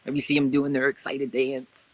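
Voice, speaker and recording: A man hosting a casual guided blessing exercise, animated and laughing often, jumping into excited high voices when he quotes someone. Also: normal speed. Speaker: host guiding a blessing exercise. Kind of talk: casual guided meditation talk.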